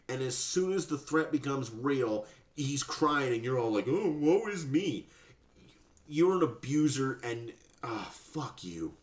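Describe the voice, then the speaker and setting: Male podcast host, sarcastic profane rant, animated voice, roomy echo. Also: mid-range voice. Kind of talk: ranting commentary.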